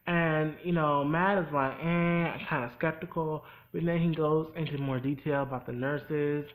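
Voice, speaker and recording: A man's voice: on the high side, steady tone, unhurried, few pauses, low-quality recording. A young man hosting a casual recap of a TV episode, chatty and full of sassy asides. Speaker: host.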